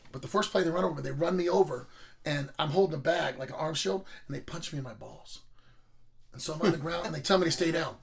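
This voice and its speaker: Gravelly, profane man telling stories. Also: fairly high pitch. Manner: rambling, profane, animated. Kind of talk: casual storytelling.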